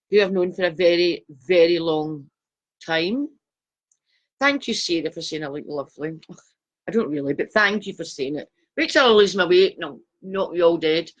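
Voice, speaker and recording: A middle-aged woman with a Glasgow Scottish accent hosting a casual live stream as a psychic. She chats along, greets viewers by name and pokes fun at herself. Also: lowish voice. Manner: chatty, self-deprecating, greeting viewers by name.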